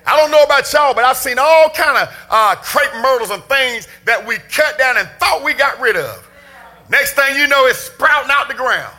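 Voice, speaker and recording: High-voiced, fiery shouting preacher man. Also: lively intonation, moderate pace. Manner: impassioned, often shouting, preaching cadence. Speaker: pastor. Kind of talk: sermon.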